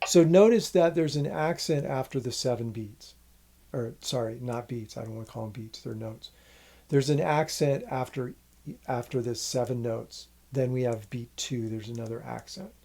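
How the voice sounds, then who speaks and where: A man teaching a music lesson, patiently explaining a rhythm and counting its syllables out loud. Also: medium pitch, normal speed, gravelly.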